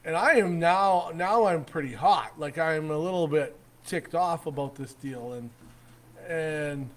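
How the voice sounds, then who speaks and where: A man's voice: fairly high pitch, unhurried. Canadian man telling a rambling story. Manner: rambling, animated anecdote with restarts and chuckles. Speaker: host. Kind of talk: casual storytelling.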